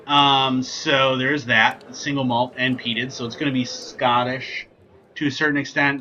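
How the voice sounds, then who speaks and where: A man's voice: mid-range voice, bright, forceful tone, highs cut off. A man hosting a casual whiskey tasting vlog, chatty and joking with lots of ums and asides. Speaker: whiskey reviewer, channel host.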